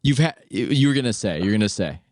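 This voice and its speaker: A podcast host chatting casually, opinionated and joking. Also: male voice, fairly low pitch, lively intonation, fast, darkish tone, no room sound, clean studio sound.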